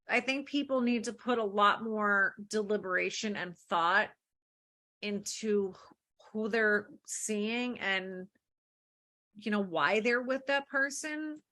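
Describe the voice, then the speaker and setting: A woman's voice: mid-range voice, bright, forceful tone. A middle-aged woman, a divorce lawyer, answering interview questions earnestly, often posing rhetorical questions.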